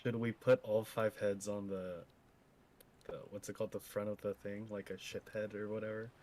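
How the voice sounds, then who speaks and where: A man playing a tabletop role-playing game, talking quietly and casually. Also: lowish voice, flat delivery, moderate pace. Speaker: player.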